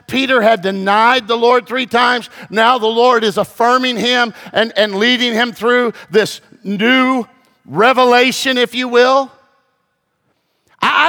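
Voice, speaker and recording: A man preaching as a pastor, moving from hushed, low passages to loud, shouted peaks. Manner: dramatic, swings from hushed to shouting. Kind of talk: sermon. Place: church.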